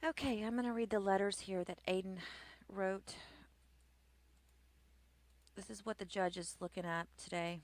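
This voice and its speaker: A woman's voice: mid-range voice, steady tone, moderate pace, pauses often, no room sound. A woman hosting a casual livestream, chatting and greeting viewers by name as she reads their comments. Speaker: livestream host.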